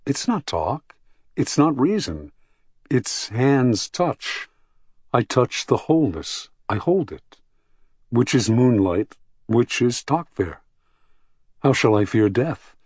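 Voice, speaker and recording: A man reading an audiobook, voicing a thin, gentle philosopher in an earnest, reflective way. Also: medium pitch, very animated, takes it slowly, long pauses, husky, no echo, studio quality, voice pushed up, heavily acted.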